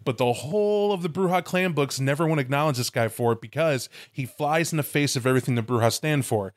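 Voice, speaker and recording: A man's voice: medium pitch, fast, no echo. A man eagerly lays out vampire-game lore on a podcast, pressing his points with emphasis and the odd curse. His voice sits in a middle register. The recording is dry and close. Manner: enthusiastic, emphatic storytelling with profanity. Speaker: podcast co-host. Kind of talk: casual chat about tabletop game lore.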